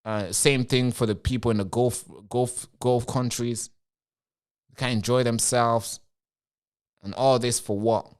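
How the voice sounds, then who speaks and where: A man's voice: mid-range voice, fairly even intonation, measured pace, smooth. Male live-streamer, rambling commentary straight to viewers, answers chat. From Britain.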